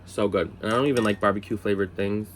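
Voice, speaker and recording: A man telling a casual storytime vlog from his bed, animated, jumping high for quoted lines and exclamations, then dropping into quiet asides, a little tipsy. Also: fast talker. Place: bedroom, sitting on the bed.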